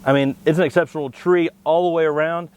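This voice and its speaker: A man co-hosting a plant show, explaining tree varieties in a steady, knowledgeable way. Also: on the high side, fast talker, clear, resonant tone. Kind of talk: informative product talk.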